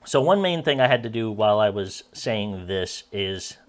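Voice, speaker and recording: A man's voice: fairly low pitch, lively intonation, normal speed. Rambling man coaching from his home desk mic. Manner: rambling, self-correcting, coaching tone. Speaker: amateur voice actor vlogging his practice. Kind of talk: casual explanatory vlog. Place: home room at his computer. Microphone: desk microphone.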